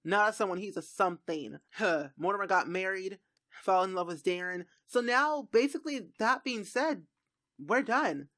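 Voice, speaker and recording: A woman streamer narrates a life-sim playthrough in a bright, clear voice. She talks straight to the characters on screen, exasperated and animated, and acts out their drama. The sound is close and dry, with no room around it. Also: medium pitch, moderate pace, no room sound. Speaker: gaming streamer. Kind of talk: let's play commentary.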